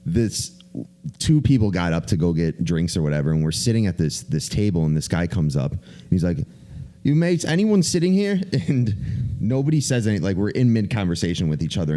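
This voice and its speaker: A man co-hosting a podcast, telling a rambling, animated story in casual chat and swearing freely. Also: deep voice, fairly quick. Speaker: podcast co-host.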